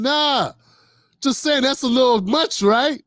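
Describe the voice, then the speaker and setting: A man's voice: very high-pitched, takes it slowly, fairly bright tone, no echo, clean studio sound. A middle-aged man hosting a casual political commentary livestream, riffing loosely with slang and quoted voices. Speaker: host.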